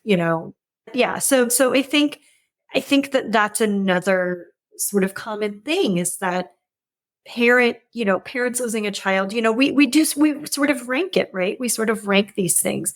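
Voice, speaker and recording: A woman's voice: on the high side, unhurried. A middle-aged woman, a podcast guest, speaking earnestly and candidly about loss, often repeating herself as she searches for words. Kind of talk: candid conversation about grief.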